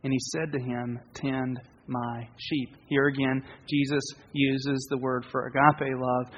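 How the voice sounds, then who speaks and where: A man preaching a sermon as pastor, earnest and conversational, with pauses and restarts. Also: mid-range voice. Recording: dull, reverberant hall sound.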